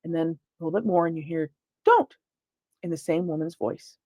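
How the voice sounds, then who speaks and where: A woman gives a relaxed online lecture on investigations, and her voice sits a little low. She keeps stopping to restart her sentences and drops plenty of fillers along the way. The sound is dry and close, as if from a computer mic on a video call. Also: fast, dry recording. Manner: conversational, many fillers and restarts. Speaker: paranormal investigator giving a lecture. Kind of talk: informal virtual library lecture.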